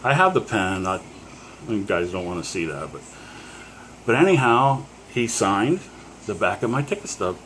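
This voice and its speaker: A middle-aged man from Pennsylvania with a somewhat low voice tells a story straight to the camera. He rambles, stops and restarts with plenty of fillers and chuckles. There is a faint hum of room noise behind him. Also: sing-song, normal speed, pauses often, a bit bright. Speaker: collector.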